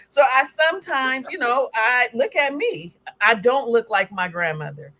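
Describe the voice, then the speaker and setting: A woman presenting slides as a health educator, speaking in a conversational, animated way and acting out little scenes. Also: a little high, normal speed, few pauses. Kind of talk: presentation talk.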